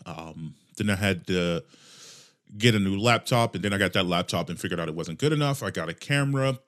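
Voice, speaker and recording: A man's voice: sits low, lively intonation, a little fast, a bit bright. A man hosting his own podcast alone, talking casually in a rambling, jokey and profane way into a desk mic. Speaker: podcast host. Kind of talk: casual solo podcast monologue. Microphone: desk microphone with headphones.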